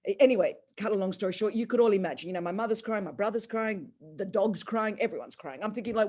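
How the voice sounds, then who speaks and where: Middle-aged Australian woman, animated personal storyteller. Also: quick pace, few pauses. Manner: animated, acts out family dialogue with big pitch jumps. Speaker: speaker on a faith call.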